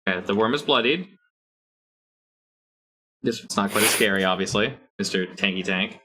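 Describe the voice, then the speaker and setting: A man narrating as game master of a tabletop game, describing scenes haltingly with many pauses and restarts. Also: lowish voice, background noise.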